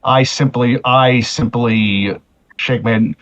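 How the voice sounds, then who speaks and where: A man playing a tabletop role-playing game who talks deliberately, restarting his sentences. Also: mid-range voice, muffled recording. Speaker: player. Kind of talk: tabletop role-play, in and out of character.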